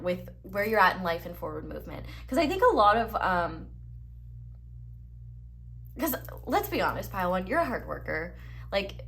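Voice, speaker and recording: A young woman sits and reads tarot cards for her viewers in an easygoing, encouraging way. Her voice sits a little low for a woman, and she talks loosely with lots of fillers and restarts. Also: a little hiss or hum. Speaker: tarot reader. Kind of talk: casual tarot reading to camera.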